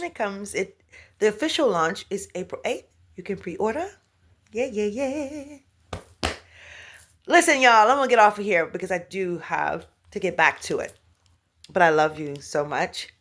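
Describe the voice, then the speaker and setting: A middle-aged woman and spiritual speaker giving a motivational vlog talk, animated, laughing often and dropping into whispers. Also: medium pitch.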